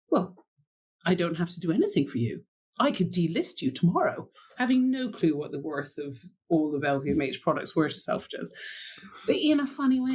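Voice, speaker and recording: A middle-aged woman recounting her years in wine with lively, animated anecdotes. Her voice sits a little low and has a slightly husky edge. She laughs easily and acts out the people she quotes. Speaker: wine buyer and former sommelier. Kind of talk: storytelling interview chat.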